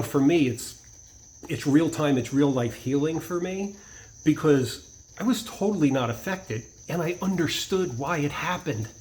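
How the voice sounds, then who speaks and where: Male vlogger, mid pitch, casual rambling storyteller, faint insect noise outdoors. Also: poor audio. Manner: rambling, many restarts and asides.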